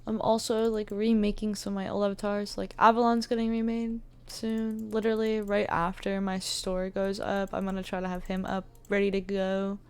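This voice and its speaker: A woman's voice: medium pitch, level tone, moderate pace, few pauses, clean tone. A woman giving a casual screen-recorded tutorial, chatty and thinking aloud with many fillers, with the hiccups. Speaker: 3D modeling tutor.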